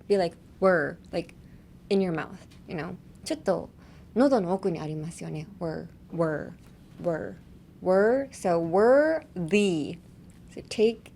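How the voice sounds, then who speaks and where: A woman's voice: medium pitch, a little mellow. A young woman hosting a casual podcast lesson, chatty, laughing often and explaining pronunciation step by step. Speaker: podcast host and English teacher.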